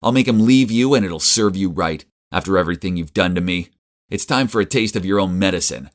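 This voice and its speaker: A scheming young woman, as a male narrator puts her on, her voice raised well above his own low register. She sounds spiteful and strained, swinging between mean and desperate. It is an animated storybook figure. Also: normal speed. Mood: vengeful. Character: scheming young woman, vengeful then pleading.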